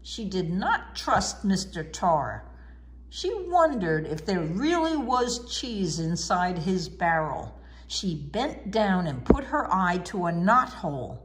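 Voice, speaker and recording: A woman narrating a children's storybook with a clear, expressive delivery. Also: on the low side, slow pace, slight background noise.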